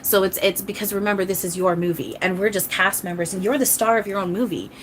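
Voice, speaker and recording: A woman's voice: mid-range voice, fairly even intonation, quick pace, slight background noise. A woman channeler chatting casually on a live stream, rambling and earnest, apologizing often to viewers. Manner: chatty, rambling, with frequent restarts. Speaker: channeler giving live readings.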